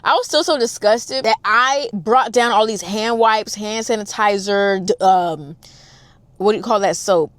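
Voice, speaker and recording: Animated young woman telling a storytime. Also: measured pace, dry recording. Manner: animated, swinging between loud exclamations and hushed low asides; addresses listeners directly, slangy and profane. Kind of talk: casual storytime chat.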